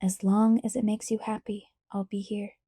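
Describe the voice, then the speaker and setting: A woman voicing a calm, teasing teenage vampire boy in a soft, hushed, near-whispered delivery. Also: medium pitch, moderate pace, slightly rough, no room sound, studio quality. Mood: tender.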